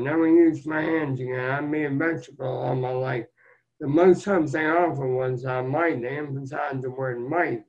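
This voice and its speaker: An older man telling his life story as an interview guest, in an earnest, plain-spoken and folksy way. The recording sounds dull and lo-fi. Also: fairly high pitch. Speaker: guest, motivational speaker.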